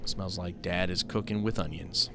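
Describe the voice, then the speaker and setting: Game music plays behind a low-voiced man speaking at a moderate pace with fairly even intonation. His let's-play commentary is loose and chatty, full of self-deprecating jokes, and the desk microphone picks up the clack of his keys.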